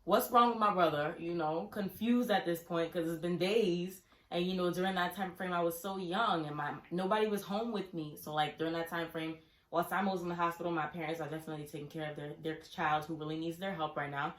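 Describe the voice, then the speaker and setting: Young woman vlogger, slightly low voice, animated storyteller, roomy echo. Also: fairly quick. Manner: animated, acts out her younger self in quoted questions. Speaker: vlogger telling a family story. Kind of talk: casual storytelling. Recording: echoey room.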